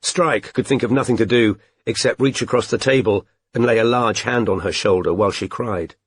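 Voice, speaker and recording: A man narrating an audiobook in a measured, even storytelling manner. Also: lowish voice, husky, no room sound. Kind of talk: scripted narration.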